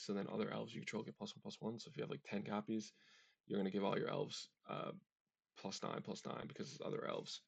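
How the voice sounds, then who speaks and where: Low gravelly dude going through his deck list, chatty, keeps tripping on card names, dry sound. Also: a bit bright, no room sound. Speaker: deck tech host. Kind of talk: casual card-game deck walkthrough.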